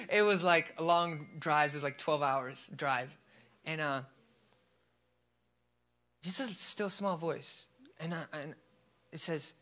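A man's voice: a little high, unhurried, long pauses, bright, forceful tone. A man preaching a sermon, telling a testimony in a casual way with fillers before turning fervent. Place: church service.

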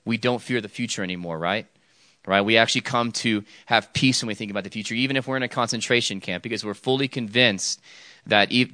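A man's voice: lowish voice, sharp tone, no room sound, studio quality. A young man giving a casual sermon to a youth group, telling stories with lots of fillers and restarts and often asking the audience questions. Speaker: youth speaker.

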